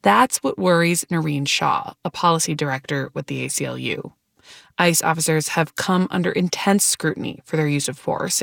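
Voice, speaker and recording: Gravelly-voiced woman news reporter. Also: low-pitched, no echo, clean studio sound.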